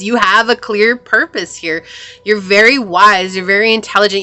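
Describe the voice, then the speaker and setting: Bright-voiced chatty tarot reader woman. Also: medium pitch. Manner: chatty, reassuring, full of fillers. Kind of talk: pick-a-card tarot reading.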